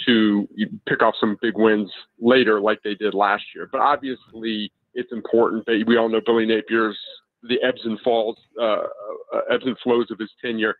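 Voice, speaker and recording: A man's voice: on the low side, no echo. A man who is a college football editor, giving sports radio analysis over the phone in an analytical way, stammering and restarting at times. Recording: tinny phone line.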